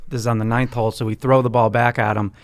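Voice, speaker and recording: A man co-hosting a podcast, telling an animated story in casual chat and leaning on "like" a lot. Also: mid-range voice, quick pace, a little hiss or hum. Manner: animated storyteller, heavy use of "like". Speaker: podcast co-host.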